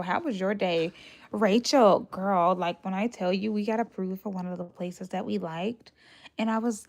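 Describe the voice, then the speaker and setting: Chatty woman with a creaky voice. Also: medium pitch, darkish tone. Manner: chatty, laughs often, greets viewers by name; retells conversations in put-on voices. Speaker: livestream host. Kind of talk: casual livestream chat.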